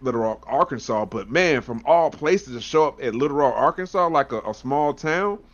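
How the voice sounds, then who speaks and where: A man, chatting excitably and casually about a wrestling show. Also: medium pitch, normal speed, dull audio. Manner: excitable, animated retelling with profanity and laughter.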